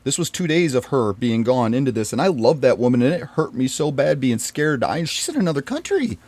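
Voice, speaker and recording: The recording is dry as a man with a medium-pitched, very animated voice talks briskly through the painful tale of his marriage. He rambles earnestly, restarts and repeats himself, and his pained voice often sinks low.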